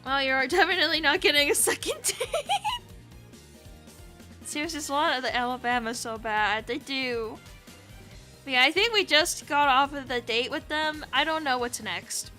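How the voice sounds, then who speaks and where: A high-pitched woman streams a game live, chatting with viewers and breaking into giggles. Her tone is bright and light, with soft music faintly underneath. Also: animated, normal speed. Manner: giggly, chatty, reacting to chat.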